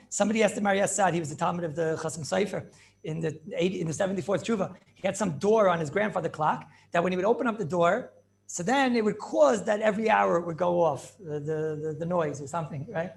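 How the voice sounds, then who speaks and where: Animated rabbi, high gravelly voice. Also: male voice. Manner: animated questioning, answers his own questions, repeats phrases. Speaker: rabbi teaching a class. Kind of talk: Talmudic class lecture with back-and-forth questions.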